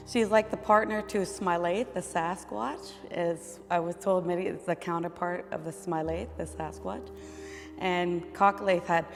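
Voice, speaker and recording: A woman telling a traditional legend in a relaxed, conversational way. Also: on the low side, big-room sound. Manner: relaxed, conversational, with fillers and restarts. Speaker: storyteller.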